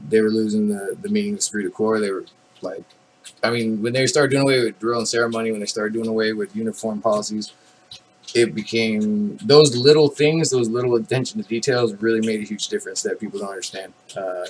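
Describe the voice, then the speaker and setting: Here an army veteran in his thirties rambles casually through his stories, with lots of fillers, restarts and the occasional swear word. His voice is on the low side, and the poor recording carries a little hiss or hum.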